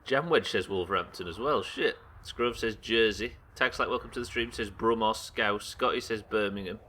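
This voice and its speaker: A man's voice: lowish voice, moderate pace, bright, forceful tone, a little hiss or hum. A young man from the UK streaming a game live, rambling, self-deprecating and swearing casually as he reads his viewers' messages aloud. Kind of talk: live gameplay commentary chatting with viewers.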